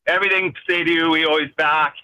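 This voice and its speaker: A man's voice: on the high side, fairly even intonation, fairly quick, bright, forceful tone, smooth, no room sound. A man on a phone call from his vehicle, ranting in an agitated, rambling, swearing way with many restarts. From Canada. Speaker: caller. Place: in a vehicle driving.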